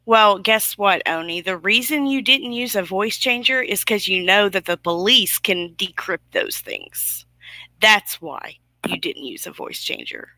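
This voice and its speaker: A woman's voice: mid-range voice, very animated, measured pace, bright, forceful tone, no echo. A woman hosting a livestream, ranting with indignant, sarcastic emphasis to her viewers. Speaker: YouTube livestream host. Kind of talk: casual livestream commentary.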